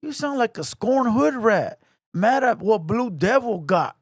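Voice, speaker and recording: A man delivers a heated, taunting rant to camera from a home garage. His voice sits high, and he hammers the same lines over and over. The sound is dry and close, with little room around it. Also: sing-song, a little slow, no room sound. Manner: taunting, repetitive, confrontational. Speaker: online commentator.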